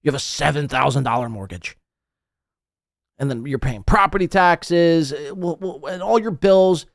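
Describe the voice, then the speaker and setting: A man's voice: a little high, lively intonation, normal speed, vocal fry, no echo, studio quality. A man hosting a podcast, ranting with profane, incredulous reaction commentary. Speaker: podcast host.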